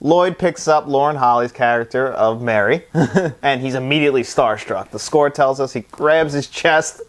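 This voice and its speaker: A man's voice: mid-range voice, normal speed. A man co-hosting a podcast, chatting casually about a movie and laughing often as he retells scenes. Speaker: podcast co-host. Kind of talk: casual movie review chat.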